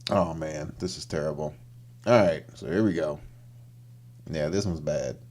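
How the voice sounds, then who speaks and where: A man's voice: a bass voice, measured pace. A man hosting a livestream, chatting casually as he reacts to videos. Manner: animated, voices the people on screen in put-on lines.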